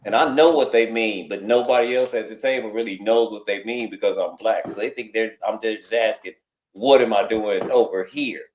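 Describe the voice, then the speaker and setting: A man's voice: on the low side, a little fast, few pauses. Man telling a story in an echoey room. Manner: animated, acts out other people's lines in changed voices. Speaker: guest on a live talk stream. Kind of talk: casual storytelling. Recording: roomy echo.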